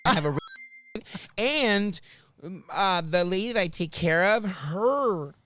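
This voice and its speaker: A man's voice: high voice, slow. A man hosting a comedy podcast who tells driving stories and acts out the people in them. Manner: animated, acts out quotes in voices. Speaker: podcast host and rideshare driver. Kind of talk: comedic storytelling chat.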